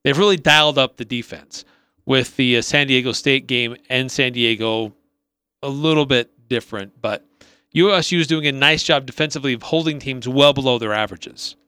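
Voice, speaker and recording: A man's voice: mid-range voice, normal speed, sharp tone, clean tone, no room sound. A man co-hosting a sports talk radio show, upbeat and rattling off team stats with small restarts. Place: radio studio.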